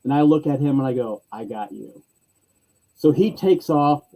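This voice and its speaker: A man telling a convention story in casual chat, lively, acting out other people's lines in varied voices. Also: mid-range voice, normal speed, poor audio.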